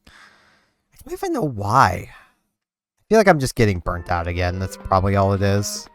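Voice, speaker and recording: In a fairly low voice at a moderate pace, a young gaming host chats loosely while playing, his talk full of "like" fillers. Faint game music can be heard behind him.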